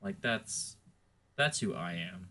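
Brief: chatty man co-hosting a podcast, laughs a lot, lively pitch. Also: slow pace. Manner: laughs easily, rambling and chatty. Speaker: podcast co-host. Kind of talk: casual podcast chat.

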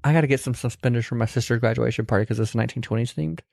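A man's voice: medium pitch, very fast, creaky, a little mellow, no room sound, studio quality. A man co-hosting a movie podcast in casual chat, swearing freely and laughing often. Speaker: podcast co-host.

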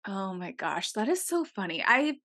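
A young woman co-hosts a podcast in loose, casual conversation. She rambles with constant fillers at a middle pitch. Her delivery is easygoing and unpolished. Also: very animated, moderate pace, fairly bright tone, dry recording, studio quality. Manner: chatty, filler-heavy with lots of "like". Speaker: podcast co-host. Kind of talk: casual chat.

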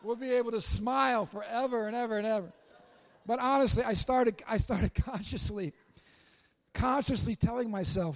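A middle-aged male pastor with a high-pitched voice delivers a joking, story-driven sermon in a church. He swings between loud, excited bursts and quiet, hushed asides. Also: moderate pace. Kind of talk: humorous sermon. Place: church sanctuary.

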